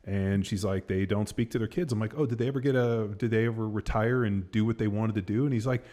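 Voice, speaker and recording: A man with a fairly low voice hosts a podcast in easy, casual chat. He rambles through a story, leaning on "like" and "you know" and dropping the odd curse word as he goes. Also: fairly even intonation, quick pace, hardly any pauses, dark tone. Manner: rambling storytelling, heavy fillers and swearing. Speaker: podcast host.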